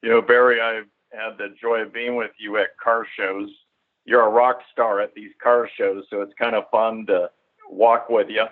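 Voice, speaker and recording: A man hosting a radio interview who asks his questions in a relaxed, conversational way. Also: fairly low pitch, moderate pace. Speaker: host. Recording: tinny phone-like radio sound.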